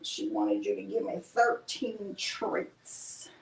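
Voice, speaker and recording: A woman's voice: mid-range voice, sing-song, slow pace, gravelly, roomy sound, distant mic, exaggerated voice. A woman voicing her sassy treat-hungry dog. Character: treat-obsessed pet dog, sassy and demanding.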